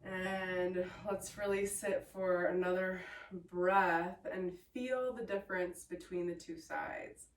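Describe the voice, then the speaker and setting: Calm woman guiding a yoga class. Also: on the low side, slow pace, slight background noise. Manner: calm, encouraging cues, playful asides. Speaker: yoga teacher. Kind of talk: guided yoga class instruction. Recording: echoey room, voice from a distance.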